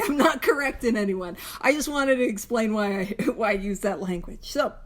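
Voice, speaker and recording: A young adult woman hosting a recovery book study, talking in an earnest, casual way, repeating phrases and laughing lightly. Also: high-pitched. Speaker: podcast host leading a recovery book study. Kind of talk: casual heartfelt talk.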